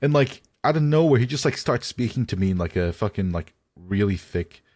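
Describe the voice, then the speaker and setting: Low-voiced young man rambling with laughs. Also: animated, a little fast, a little mellow, dry recording, clean studio sound. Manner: rambling, heavy with "like" fillers, giggly. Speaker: podcast co-host. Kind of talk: casual chat.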